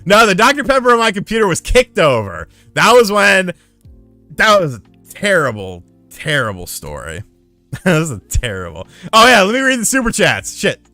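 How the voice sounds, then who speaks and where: Animated, profane young man telling stories. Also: high voice, normal speed, dry recording, soft background music. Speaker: streamer. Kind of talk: casual storytelling to a live chat.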